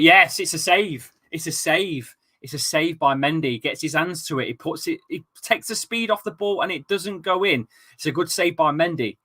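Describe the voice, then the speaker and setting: A young man hosting a football watchalong, commentating on the live match and chatting, excitable with sudden shouts and swearing. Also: fairly high pitch.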